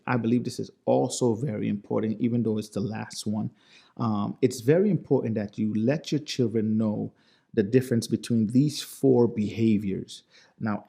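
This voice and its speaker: A man's voice: lowish voice, vocal fry, warm tone. An American man hosting a solo podcast, talking earnestly about parenting and circling back over his points. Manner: earnest, repetitive, lecturing. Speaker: podcast host.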